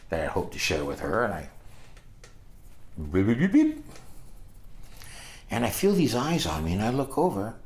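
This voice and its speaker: A man's voice: low-pitched, a little hiss or hum. A man in his sixties from Los Angeles casually telling a rambling story of his youth, putting on voices for the people he quotes. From Los Angeles, United States. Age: 60s. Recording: roomy echo.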